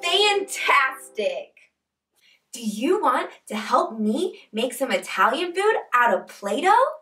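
A woman hosting a preschool lesson, talking to toddlers in a bright, exaggerated, encouraging way and breaking into little sing-along chants. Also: high-pitched, very animated, takes it slowly, recorded from a distance, faint music behind. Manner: bright, exaggerated, encouraging kids-show delivery. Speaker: children's show host.

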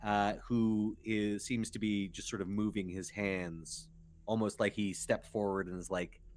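A man's voice: on the low side, level tone, measured pace. A man narrating a tabletop role-playing game as game master, playful and full of fillers.

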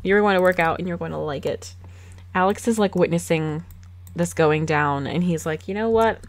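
A woman's voice: deep voice, steady tone, normal speed. A woman casually commenting on her life-simulation game, playful and sassy, laughing often as she bosses her characters around. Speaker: gaming channel host. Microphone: desk microphone.

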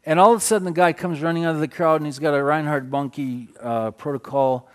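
A middle-aged man, preaching a sermon as he tells a story, swinging from loud exclamations to hushed passages. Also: fairly high pitch, fairly even intonation, a little fast.

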